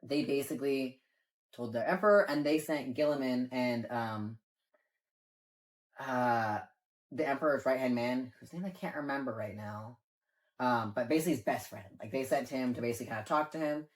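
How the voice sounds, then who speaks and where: A man's voice: medium pitch, moderate pace. A man co-hosting a casual chat and explaining game lore in a rambling way, leaning on filler words and swearing now and then. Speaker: co-host.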